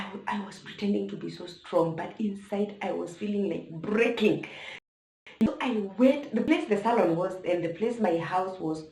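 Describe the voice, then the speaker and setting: A young woman with a Kenyan accent telling a personal story to camera, emotional and talking straight to her viewers. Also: medium pitch. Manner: emotional, addresses viewers directly. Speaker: vlogger. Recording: echoey room.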